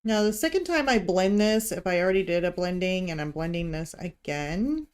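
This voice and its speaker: A woman's voice: lowish voice, animated, moderate pace, a little mellow, clear, resonant tone. A woman from Missouri with a light Missouri accent, chatting through a live painting tutorial as she works. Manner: chatty, thinking aloud while working. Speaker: art instructor. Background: heater hum.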